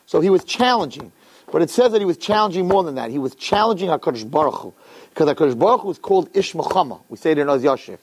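Brief: male religious teacher, high and very animated, telling a story to a class. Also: brisk, long pauses, breathy edge. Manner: lively, colloquial, mixes in Hebrew and Yiddish terms. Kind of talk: animated Bible storytelling lesson.

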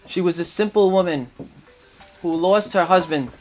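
Emphatic high-voiced man preaching. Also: moderate pace, faint music behind. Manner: storytelling preacher, rhetorical questions, sudden emphatic rises. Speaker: rabbi giving a talk. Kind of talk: sermon.

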